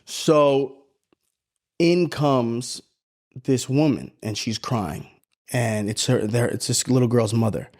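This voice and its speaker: A man's voice: mid-range voice, slow pace, a little mellow. A man in his thirties co-hosting a podcast, telling a story in casual chat, acting out voices and swearing freely. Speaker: podcast co-host.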